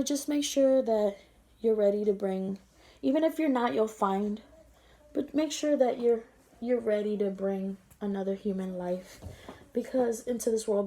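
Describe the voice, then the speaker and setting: A woman's voice: mid-range voice, dark tone. A young woman vlogger telling an emotional story, tender and rambling, teary-eyed as she talks.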